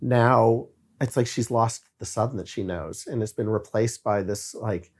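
A filmmaker talking on a podcast in a reflective way, often stopping to search for words. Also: male voice, lowish voice, measured pace, a little mellow, husky. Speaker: guest filmmaker. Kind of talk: podcast conversation.

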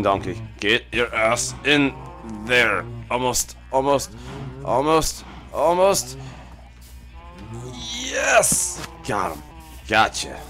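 A man giving loud, profane commentary while playing a block-building game, yelping when something startles him. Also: on the low side. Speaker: gaming YouTuber. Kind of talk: Minecraft let's play commentary.

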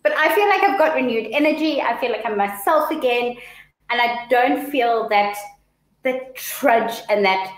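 A woman co-hosts a casual live-stream chat, telling stories with animated, dramatic flair. Her fairly high voice rings in an echoey room. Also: a little slow.

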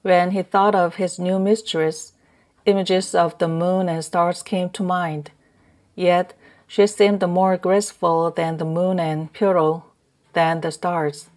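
A woman narrating a translated novel as an audiobook in a measured reading. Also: fairly low pitch, level tone, a little mellow. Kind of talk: scripted narration.

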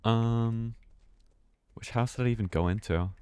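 A man's voice: mid-range voice, measured pace, warm tone, clear, resonant tone, dry recording. An American man giving live, chatty commentary while streaming a horror game, often restarting words and swearing casually. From United States.

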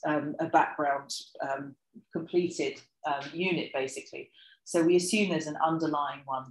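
A woman giving an academic workshop talk, lively and animated, with many fillers and asides and a rising, expressive delivery when she acts out examples. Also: lowish voice, echoey room, poor audio. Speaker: lecturer presenting research. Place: lecture room.

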